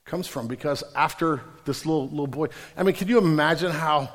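A male pastor preaches a sermon as casual, joking storytelling laced with slang. His voice is a little high, and the long reverb of a large hall surrounds it.

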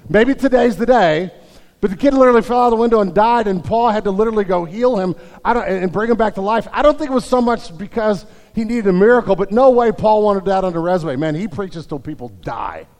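A man with a high voice preaches to his congregation, telling a story with humor and many restarts. His voice carries a long reverb from the church sanctuary. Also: quick pace, few pauses, a little mellow. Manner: storytelling with jokes, frequent restarts. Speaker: pastor. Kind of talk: sermon.

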